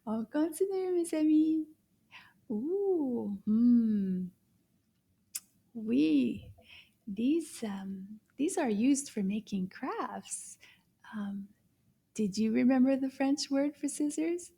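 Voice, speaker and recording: Slow, gravelly woman teaching kids. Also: high-pitched, animated. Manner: slow, encouraging, repeats words for children to echo; drops to soft whispers at times. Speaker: children's French teacher. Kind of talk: kids' language lesson.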